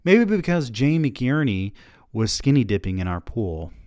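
A man voicing a sharp, sarcastic wife who answers in biting, clipped retorts. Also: medium pitch, big pitch swings, moderate pace, smooth, dry recording, studio quality, pitched above the performer's own voice, natural voice. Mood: accusing.

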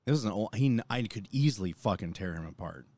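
A man's voice: lowish voice, a little fast. Young man telling a story with lots of swearing. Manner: animated storytelling, lots of swearing and quoting others. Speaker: podcast co-host. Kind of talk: casual chat.

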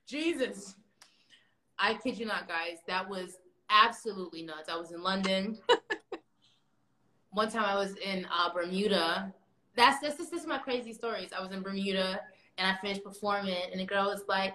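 A woman chatting casually on a livestream, telling animated, slangy stories about fans. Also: mid-range voice, moderate pace, pauses often, roomy sound, poor audio. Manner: animated storyteller, slangy and swearing. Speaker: livestream guest.

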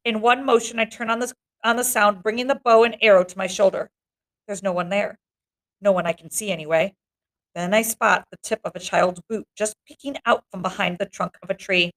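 Creaky-voiced woman teacher reading aloud. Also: medium pitch, fairly even intonation, a little fast. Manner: chatty asides between passages. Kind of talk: reading a novel aloud to students.

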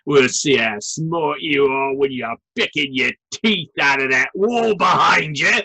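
A man voicing a mean, slow-witted male dwarf bully in a thick Northern English accent, with a menacing, threatening manner. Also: fairly high pitch, sharp tone, slightly rough, no room sound, voice pushed up, heavily acted.

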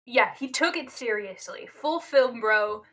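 Bright-voiced woman trading wry banter. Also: on the high side, expressive, measured pace. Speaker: podcast co-host. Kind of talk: casual chat.

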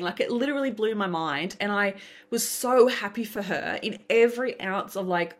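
A woman's voice: medium pitch, moderate pace. A woman, a podcast guest and business coach, chatting casually and acting out the voices in her stories. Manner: animated storytelling, acts out quoted voices. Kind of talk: casual interview chat.

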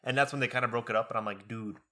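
A young man in easy storytelling chat with a bright, forward tone. He gets animated as he goes and slips into raised, mocking voices to quote people. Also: medium pitch, racing.

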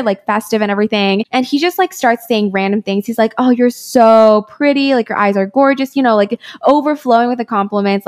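A young woman co-hosting a podcast, telling stories in casual chat with lots of "like" and easy laughter. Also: fairly high pitch. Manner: animated storyteller, lots of "like" and laughing. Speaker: podcast co-host.

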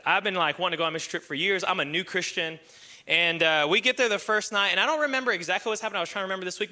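A young male pastor preaching with a bright, forceful, high-set voice. He tells stories animatedly, cracks jokes and slips into excited impressions of the people in them. His tone stays lively and casual even as he gives application. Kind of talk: sermon with storytelling.

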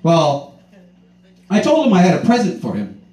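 Young guy doing standup, swears a lot, mellow voice, echoey room, mic kinda far off. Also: sits high, normal speed. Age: 20s. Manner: rambling, profane, animated storytelling. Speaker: stand-up comedian. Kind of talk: stand-up comedy set. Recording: roomy, distant mic, faint ambience.

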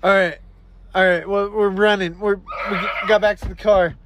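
A man hosting a goofy comedy podcast, excitable and full of slangy banter. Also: sits high, moderate pace, background noise. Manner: excitable, says dude and bro a lot. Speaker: host.

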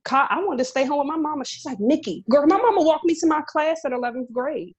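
A young adult woman co-hosting a casual podcast chat, telling animated stories and acting out quoted dialogue. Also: high voice, fast talker. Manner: animated storyteller, acts out quoted dialogue, says "girl" often. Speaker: podcast co-host, chef.

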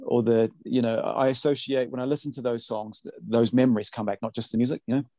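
A man's voice: medium pitch, fairly even intonation, fast talker, mellow, no echo. Man, music producer, rambling podcast chat, lots of fillers, dry close mic.

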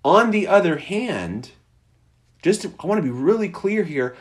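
A man's voice: high-pitched, expressive, normal speed. A man preaching a sermon in a conversational way, acting out quoted lines. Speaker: pastor.

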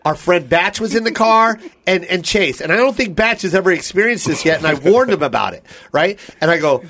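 A man's voice: high-pitched, brisk, slight background noise. A man hosting a podcast, telling a funny story in casual chat and acting out his friends' lines with lots of laughter. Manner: animated, acts out friends' voices, laughs often. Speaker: podcast host.

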